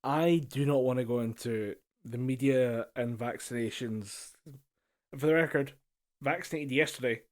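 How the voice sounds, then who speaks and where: A man's voice: medium pitch, normal speed, a little mellow. A man in a home setup chats easily with his podcast co-host in a mid-range voice. He leans on filler phrases and laughs readily. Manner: easygoing, laughs often, uses filler phrases. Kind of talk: casual chat. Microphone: home mic over a voice call.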